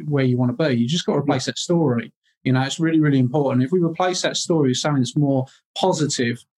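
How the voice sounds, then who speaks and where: A man's voice: a little high, a little mellow, husky. Confident motivational businessman. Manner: confident, motivational, repetitive emphasis. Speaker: business coach, guest. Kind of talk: casual interview.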